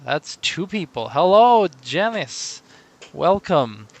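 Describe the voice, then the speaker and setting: A man hosting a live stream as game master, rambling and joking at himself, with sudden loud greetings to viewers. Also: on the high side, very animated, slow, gravelly, no echo.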